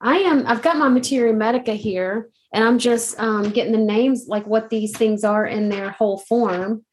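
A woman co-hosting a podcast in casual chat, relaxed and agreeable, with many affirming fillers. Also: a little high, normal speed, slight background noise. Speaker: podcast co-host.

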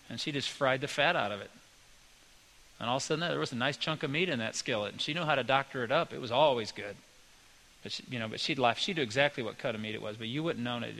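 A man's voice: medium pitch, bright, forceful tone, low-quality recording. A male pastor giving a sermon in a folksy, conversational way, weaving personal stories into his teaching.

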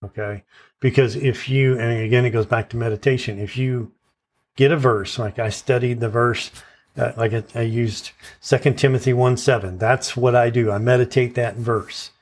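A man's voice: medium pitch, steady tone, moderate pace. Earnest male preacher. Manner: earnest, repeats "okay?" to check in with listeners; stresses verse words in turn as he recites. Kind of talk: sermon.

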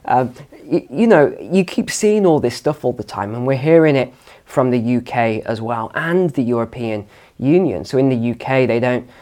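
A man's voice: medium pitch, animated, moderate pace, a little mellow. Confident man lecturing on finance. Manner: confident, emphatic, lectures on numbers over emotion. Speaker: finance channel host. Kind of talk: direct-to-camera commentary. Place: home studio.

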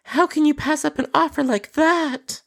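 A man's voice: very high-pitched, steady tone, moderate pace, vocal fry, a bit bright, voice pushed up, exaggerated voice. A man voicing a brazen, flirty woman customer who schemes for a free pizza in a wheedling, sing-song voice.

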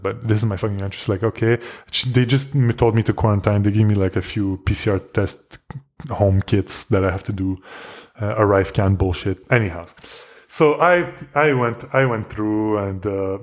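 A young man from Canada hosting a podcast, telling a travel story in a loose, rambling way, with lots of swearing, fillers and restarts. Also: fairly low pitch. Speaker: podcast host. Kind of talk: casual solo storytelling.

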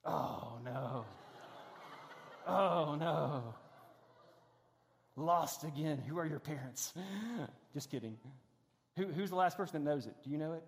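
Preacher with an echoing hall sound. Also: male voice, on the high side, slow pace, pauses often, a little hiss or hum. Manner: conversational, self-deprecating humor, frequent restarts. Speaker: pastor. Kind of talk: sermon with a stage demonstration. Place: large church auditorium. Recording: long hall reverb.

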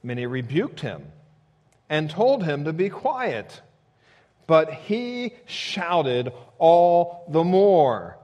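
A man's voice: on the high side, very slow. A male pastor preaching a sermon, walking through a text verse by verse and lifting his voice sharply when he voices a quoted cry. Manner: expressive preaching, voice rising sharply for quoted shouts.

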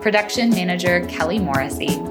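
A woman, the podcast host, reading a scripted outro in a smooth, even delivery. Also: on the low side, brisk. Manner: smooth, read-aloud delivery. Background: loud theme music.

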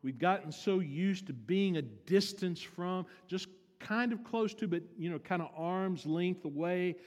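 A man with a high, bright voice preaches in a church sanctuary, his words trailing off in a long reverb. He moves between quiet, intimate stretches and loud, emphatic appeals to the congregation. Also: measured pace. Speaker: pastor. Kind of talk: sermon.

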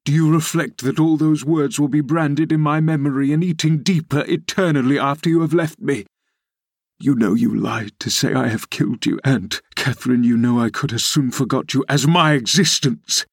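A man's voice: mid-range voice, husky, no room sound, studio quality. A man doing a savage, tormented young man. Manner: fierce, anguished outbursts.

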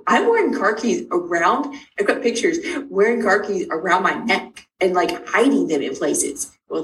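Animated woman telling a story, roomy and distant. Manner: animated, acts out dialogue with big pitch jumps. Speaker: parent of a sick child. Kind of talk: personal storytelling in conversation. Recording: roomy sound from a distant mic.

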